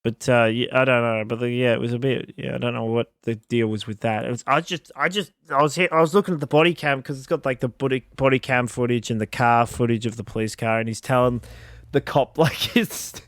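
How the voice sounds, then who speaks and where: A man's voice: medium pitch, fairly even intonation, brisk, a bit bright, no echo, studio quality. A man co-hosting a casual podcast, telling a rambling story, often laughing and searching for words. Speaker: podcast co-host. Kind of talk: casual chat.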